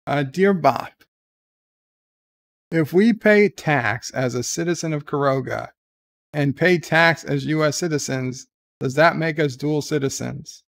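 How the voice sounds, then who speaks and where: A man hosting a casual livestream, reading viewer letters and chat with jokey, deadpan replies. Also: a little high, measured pace, vocal fry, dry recording. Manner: jokey, deadpan, with frequent fillers. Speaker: livestream host.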